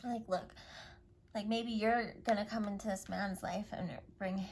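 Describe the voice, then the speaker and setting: A woman giving a spiritual tarot reading in an effusive, affirming way, often dropping into soft whispers. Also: medium pitch, measured pace. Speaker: tarot reader. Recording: steady hiss and clicks.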